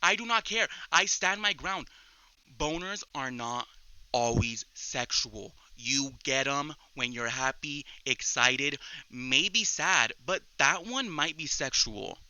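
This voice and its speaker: A young man hosting a casual solo chat podcast, rambling excitably and often restarting his sentences. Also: medium pitch, takes it slowly, slight background noise, low-quality recording. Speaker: podcast host.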